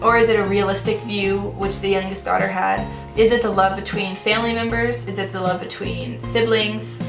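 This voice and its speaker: A young woman casually reviewing a book and retelling a fairytale in a loose, chatty way full of "like" and "um". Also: mid-range voice. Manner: chatty, loose, many fillers like "like" and "um". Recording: roomy room with music in the background.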